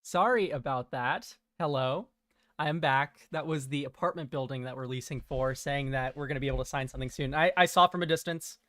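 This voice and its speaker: A young man giving relaxed, chatty commentary while playing a card game, laughing often and using casual slang. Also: medium pitch, fairly quick, no room sound, clean studio sound. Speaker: streamer.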